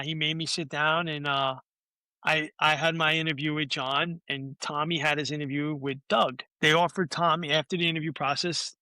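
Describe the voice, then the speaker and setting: A man's voice: on the high side, pushed and bright, smooth, no room sound. A man in his forties, a podcast guest, telling a long anecdote in casual talk, swearing freely and acting out what other people said. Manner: swears freely, acts out quoted voices.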